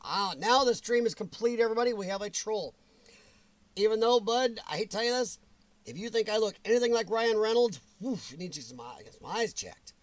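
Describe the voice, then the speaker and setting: A man's voice: high voice, expressive, brisk, dry recording. A man hosting a livestream in casual chat, greeting viewers by name and laughing often, his voice strained and weakened. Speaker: livestream host.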